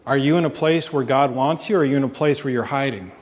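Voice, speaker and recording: Preaching a sermon in earnest, a male pastor speaks at a quick pace with a medium-pitched, mid-range voice and asks the congregation questions. The recording carries a long, lingering hall reverb.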